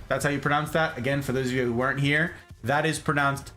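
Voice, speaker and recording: Talking quickly over soft background music, this male podcast host runs a laid-back talk show, cracking jokes as he shares his travel pictures. His delivery is lively, with sudden pitch jumps for emphasis.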